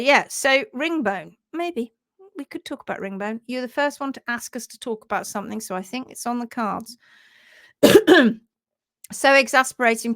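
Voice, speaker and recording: A woman hosting a casual live stream about horse care, chatting and reading out viewer comments in a lively, animated way. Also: on the high side, smooth, no room sound, clean studio sound. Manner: chatty and animated, laughs easily, acts out quotes in funny voices.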